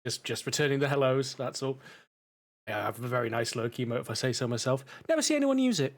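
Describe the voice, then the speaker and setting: A man's voice: mid-range voice, animated, quick pace. A man chatting casually to his live-stream audience while playing a game, rambling and swearing a little, stuffy from a cold.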